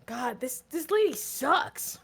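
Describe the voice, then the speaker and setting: Playful, unhurried woman player. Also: high-pitched, animated, fairly bright tone. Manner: playful, laughing. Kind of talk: casual chat at a tabletop game.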